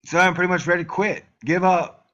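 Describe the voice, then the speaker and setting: A man's voice: sits high, fairly even intonation, fairly quick, a bit bright, lo-fi sound. A man ranting on his own channel, heated and profane, sometimes mocking the voices of his critics. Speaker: YouTube channel host. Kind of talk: angry solo rant to camera.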